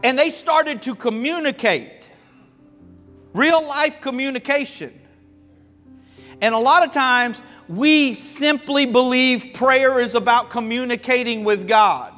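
A pastor from Florida and the American South preaching a sermon, telling stories in a folksy, humorous, animated way. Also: male voice, extremely high pitch, slow. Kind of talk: sermon with storytelling. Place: church sanctuary. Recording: long hall reverb with faint music.

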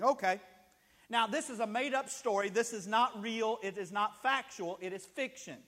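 A high-pitched male pastor speaks at normal speed in a fairly bright tone, his sermon filling a large hall in the church sanctuary. Storytelling drives his preaching as he acts out the characters with mounting emotion.

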